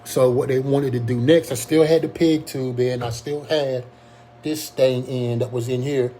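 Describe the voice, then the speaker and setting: A young man speaks in a warm, mellow voice at an ordinary pitch. His telling is earnest and halting, full of ums and restarted sentences. A faint hum sits underneath the recording. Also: fairly even intonation. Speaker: Covid survivor telling his story. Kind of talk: casual personal testimony.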